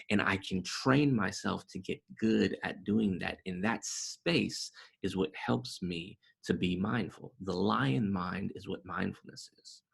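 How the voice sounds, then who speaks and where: Low gravelly-voiced man teaching mindfulness. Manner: explains with analogies, frequent "right?" checks. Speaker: mindfulness coach. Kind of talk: webinar teaching talk.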